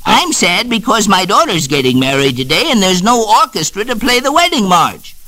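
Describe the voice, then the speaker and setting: A man's voice: high-pitched, sing-song, moderate pace, sharp tone, pitched above the performer's own voice, full character voice, poor audio. A man voicing a sad, anxious father turtle in a children's storybook record, sounding plaintive and fretful. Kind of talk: storybook character voice.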